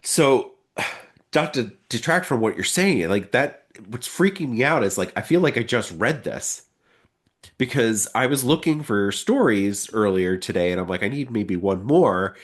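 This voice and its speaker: A young adult man co-hosting a podcast, talking casually and explaining things in a relaxed, rambling way. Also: mid-range voice, a little slow. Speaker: podcast co-host. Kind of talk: casual conversation.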